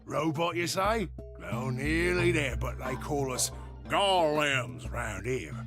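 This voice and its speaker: A gruff male robot golem with a broad Cockney accent, chummy and full of slang. His voice swings widely up and down and rolls out slowly. Game music plays clearly beneath him. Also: mid-range voice, big pitch swings. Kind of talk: video game voice acting.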